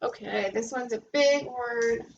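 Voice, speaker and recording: A woman's voice: a little high, unhurried, gravelly, muffled recording, a little hiss or hum. A woman tutoring a young child in reading, patiently sounding out letters and encouraging her. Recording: echoey room recording.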